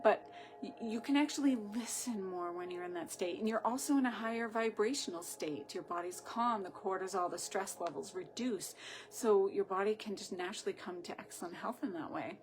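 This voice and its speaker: A woman's voice: mid-range voice, brisk, faint music behind. A woman with a Boston accent, a sound healer talking casually and chattily on a home livestream, rambling loosely and often asking "right?".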